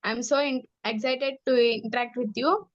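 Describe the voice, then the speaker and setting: A young student asks a guest questions over a call, formal and polite, addressing him as sir. Her high voice sounds distant and dull, as if through lo-fi call audio. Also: fairly even intonation, moderate pace.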